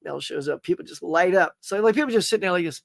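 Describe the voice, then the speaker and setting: A man's voice: high-pitched, fast talker, creaky, dry recording, clean studio sound. A man hosting a casual live stream, rambling cheerfully, greeting viewers and reading their comments, often saying "y'all" and "man.".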